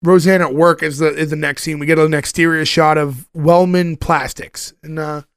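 A man co-hosting a casual podcast, his voice sitting a bit high for a man. He retells the episode scene by scene and acts out the characters' lines along the way. The sound is dry and close, with no room in it. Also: fairly even intonation, normal speed, clean tone, dry recording. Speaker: podcast co-host recapping a sitcom. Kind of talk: casual chat.

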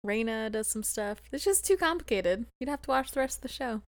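A woman's voice: fairly high pitch, expressive, normal speed, no room sound. A woman co-hosting a podcast, chatting casually and giggling often as she recaps a TV episode. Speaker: podcast co-host.

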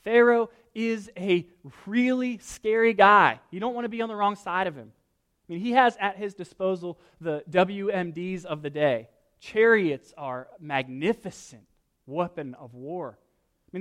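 A male pastor delivering a sermon in a fairly high voice. He swings between quiet explanation and loud, slowed-down readings of scripture, with casual jokes thrown in. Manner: animated, rises loud when reading scripture, jokes asides.

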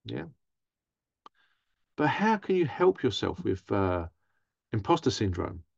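A man's voice: on the low side, very animated, slow, gravelly, a little mellow, no room sound, lo-fi sound. A man hosting a podcast, talking casually in a rambling way and acting out inner thoughts. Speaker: podcast host. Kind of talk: casual monologue.

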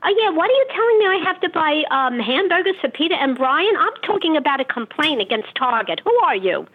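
An indignant woman from New York complains on a phone call in a high voice. The sound is thin and tinny, squeezed through a phone line. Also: very animated, brisk. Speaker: caller.

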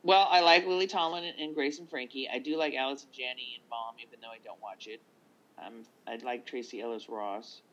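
A man co-hosting a casual podcast chat, reading down a list of nominees with quick asides. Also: mid-range voice, steady tone, fairly bright tone, lo-fi sound. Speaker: podcast co-host.

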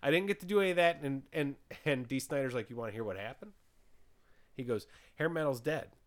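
A man's voice: medium pitch, brisk. A man hosting a podcast in casual chat, retelling a story and quoting people with lots of "he goes". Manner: animated storyteller, retells quotes with repeated "he goes". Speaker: podcast host.

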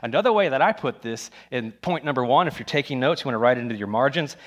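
Male pastor, mid-pitched, lively sermon delivery with playful asides. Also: fast. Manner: animated, acts out scenes with voices.

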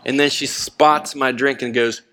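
An older man preaching a sermon, swinging from loud and impassioned to low and hushed, with folksy asides and laughter. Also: fairly even intonation, unhurried. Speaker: pastor.

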